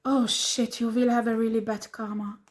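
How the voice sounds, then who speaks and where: A woman with a fairly high voice delivers a tarot reading as a blunt scolding. She swears freely and hammers home her points with repeated rhetorical questions. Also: level tone, moderate pace, slight background noise. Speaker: tarot reader.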